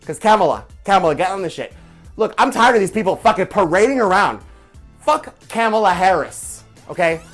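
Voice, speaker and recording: A man's voice: high-pitched, lively intonation, fast talker, a bit bright, soft background music. A man hosting a live stream, ranting with profanity and firing off repeated rhetorical questions. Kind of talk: angry political rant on a live stream.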